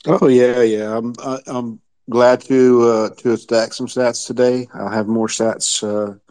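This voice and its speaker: A man's voice: mid-range voice, little pitch movement, a little slow, a little mellow, no room sound. A man chatting casually, stammering and restarting often. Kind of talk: casual chat.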